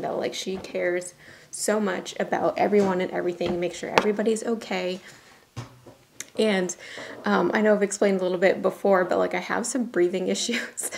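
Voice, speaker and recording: Chatty young woman with a gravelly edge. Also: medium pitch, a little mellow, a little hiss or hum. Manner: chatty, giggly, uses "y'all" and "like" often. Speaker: beauty vlogger. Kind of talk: casual makeup chat. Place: home bathroom.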